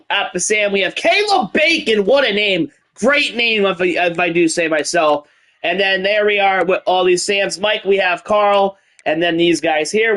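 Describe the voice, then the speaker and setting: A man's voice: high voice, a bit bright. A man doing a put-on Irish accent while hosting and commentating a football video game dynasty, calling things out like a hyped announcer. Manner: hyped announcer calls with Irish-style "laddies". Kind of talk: gameplay commentary.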